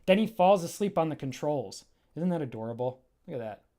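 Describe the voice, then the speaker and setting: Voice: medium pitch, animated, fairly quick, mellow. A comic creator on a livestream, casually walking through their own graphic novel, enthusiastic and rambling.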